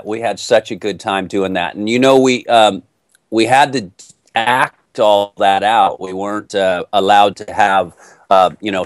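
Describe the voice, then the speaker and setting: Middle-aged Texan male actor, lowish voice, dry sound, lively storyteller. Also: no room sound. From Texas. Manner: animated, playful storyteller. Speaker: actor being interviewed. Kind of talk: casual interview answers.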